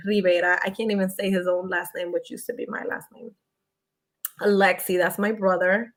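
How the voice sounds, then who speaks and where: A woman's voice: mid-range voice, slow pace, pauses often, fairly bright tone. A young woman chatting casually on a live stream, reading viewer comments aloud and greeting family members who join the chat. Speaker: YouTuber answering viewer questions.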